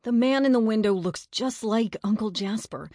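A woman's voice: on the high side, moderate pace, warm tone, dry recording, clean studio sound, voice pushed up, natural voice. A woman doing a confident boy. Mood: plain. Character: confident, good-natured boy.

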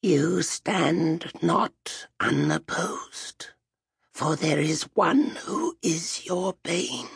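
Croaking old crone witch voiced by a man, storybook seer, gravelly, raspy, very slow. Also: on the high side, a bit bright, no echo, pitched above the performer's own voice, heavily acted. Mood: prophetic. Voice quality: croaking, dry-throated. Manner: slow, halting prophetic delivery.

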